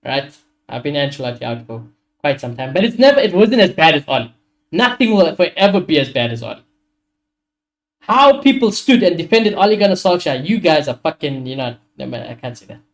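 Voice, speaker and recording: A man's voice: on the high side, big pitch swings, brisk. A young man, ranting animatedly and swearing as he hosts a casual football watchalong stream. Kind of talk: casual live-stream chat.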